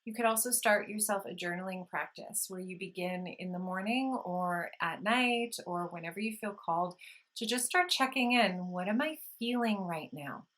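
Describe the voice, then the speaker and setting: A woman vlogger gently explaining calming practices in a soothing, unhurried talk, with audible sighs when she demonstrates breathing. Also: mid-range voice, rough recording. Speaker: wellness vlogger. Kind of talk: casual instructional talk.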